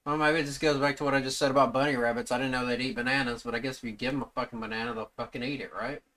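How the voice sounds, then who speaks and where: A man's voice: medium pitch, fairly even intonation, racing, pushed and bright. A man streaming live, reacting to video clips with profane, blurted comments.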